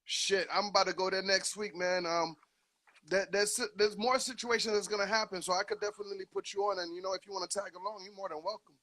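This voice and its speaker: Male radio DJ, high voice, bright tone, hyped slangy casual chat. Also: steady tone, fast. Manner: hyped, slangy, laughs a lot. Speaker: radio DJ host.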